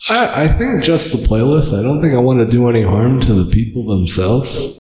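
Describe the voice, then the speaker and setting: A man's voice: mid-range voice, lively intonation, normal speed, darkish tone. Male podcast guest in an echoey room. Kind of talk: casual chat. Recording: roomy echo with long reverb.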